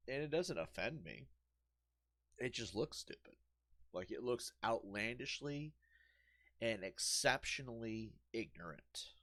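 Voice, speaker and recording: A young man hosting a let's play, ranting with profanity and mockery, often bursting into loud outbursts and laughter. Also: lowish voice. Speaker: gaming channel host.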